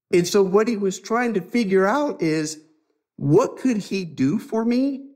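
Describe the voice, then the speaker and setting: A man's voice: a little high, a little mellow. A man in his fifties, a podcast guest, telling his life story with feeling and acting out the dialogue. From United States. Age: 50s. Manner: earnest, emotional storyteller who acts out dialogue. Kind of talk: storytelling interview.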